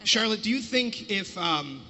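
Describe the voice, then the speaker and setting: A man's voice: high voice, expressive, a little slow, pushed and bright, a little hiss or hum. A man moderating a convention panel, upbeat and directing the questions. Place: convention hall stage. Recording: reverb from a large hall.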